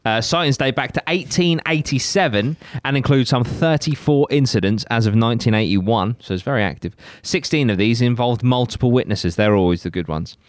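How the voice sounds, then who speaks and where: A man's voice: mid-range voice, a little fast, hardly any pauses, dry recording, clean studio sound. A young man co-hosting a podcast, chatting casually and swearing a lot as he reads out facts. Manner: sweary, animated, jokey. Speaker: podcast co-host. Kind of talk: casual chat, reading out facts.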